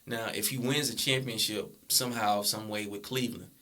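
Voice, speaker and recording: A young man co-hosting a podcast, laying out his basketball opinions in a casual, measured way. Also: lowish voice, fairly even intonation, sharp tone. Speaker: podcast co-host. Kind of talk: casual sports debate.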